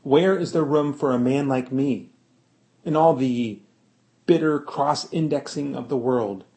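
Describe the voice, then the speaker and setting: A man reading a literary story aloud, slow and deliberate, with dramatic swells on key words. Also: medium pitch, darkish tone. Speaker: narrator.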